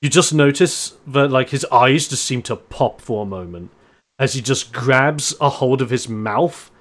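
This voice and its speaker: A man running a tabletop wrestling role-playing game, narrating moves with lively announcer flair and frequent laughs. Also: mid-range voice, unhurried. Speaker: game master.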